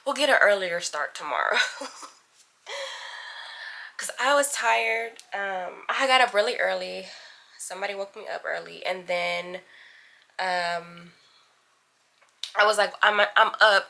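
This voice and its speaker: A woman's voice: mid-range voice, steady tone, unhurried, vocal fry, long pauses, bright, forceful tone. A young woman, chatting casually to her viewers in a vlog as she gets ready indoors, calling them y'all and honey. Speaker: vlogger. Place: indoors at home getting ready.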